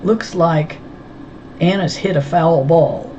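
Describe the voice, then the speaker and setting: A woman's voice: sits low, slow, mellow, highs cut off, a little hiss or hum. A woman voicing a wry, restless sixth-grade boy who turns sheepish.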